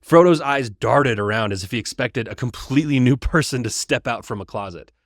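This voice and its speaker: A man hosting a casual, chatty retelling of a book, lively in his telling. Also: mid-range voice, fairly quick, no echo, studio quality. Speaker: host.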